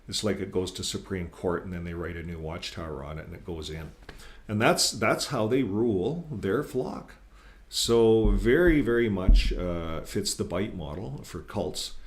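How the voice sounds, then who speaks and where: Give me a man with a fairly low voice hosting a casual commentary show, earnest and critical, stumbling and repeating words as he reads. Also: animated, unhurried. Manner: rambling, repeats words, many uh fillers; earnest, critical, grows emphatic when quoting. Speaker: channel host. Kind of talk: casual commentary reading from articles.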